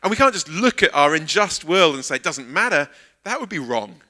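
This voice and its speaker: A man giving a sermon at a church service, his voice very bright and his pitch swinging widely as he tells a story. He acts out each quoted line with lively energy, and his voice sits somewhat high for a man. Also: a little fast. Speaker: guest preacher. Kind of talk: sermon with a humorous personal anecdote.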